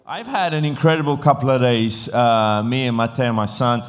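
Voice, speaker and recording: A man's voice: medium pitch, moderate pace, soft background music. A male pastor from Italy with an English accent, preaching a sermon in a chatty storytelling manner. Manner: chatty, animated storytelling with frequent fillers. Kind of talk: sermon with podcast intro.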